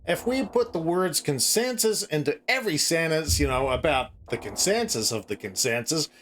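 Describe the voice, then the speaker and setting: A man's voice: a little high, lively intonation, normal speed, a bit bright, slight background noise. A man playing a boastful crypto promoter with a put-on slight American accent, rambling through buzzwords with lots of fillers. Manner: rambling, filler-heavy, salesy.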